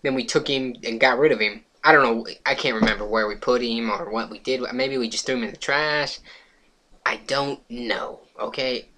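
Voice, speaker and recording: A man's voice: medium pitch, normal speed. Young man rambling through a story. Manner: swears freely, laughs while telling, gets loud and excited at the funny parts. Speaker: vlogger.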